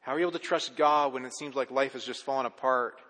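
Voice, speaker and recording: A man's voice: medium pitch, fast talker, bright, forceful tone, big-room sound. A man preaching a sermon as a pastor, talking conversationally with rhetorical questions and restarting words when he gets going.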